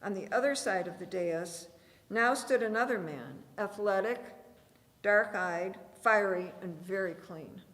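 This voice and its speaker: A woman reading a dramatic scripted narration aloud in a church, with deliberate storytelling. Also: mid-range voice, fairly bright tone. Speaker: reader. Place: church sanctuary. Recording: reverberant church hall.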